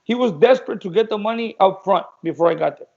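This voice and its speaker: A man's voice: high voice, fast talker, creaky, highs cut off. A man, a guest on a talk show, telling boxing stories casually and acting out the dialogue. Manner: animated storyteller acting out dialogue. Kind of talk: casual storytelling.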